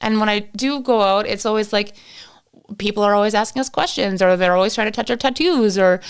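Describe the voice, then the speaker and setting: A woman's voice: medium pitch, a little fast, smooth. A woman guesting on a podcast in casual chat, telling stories full of fillers and acted-out quotes. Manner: chatty storyteller, acts out quotes, many fillers like "like".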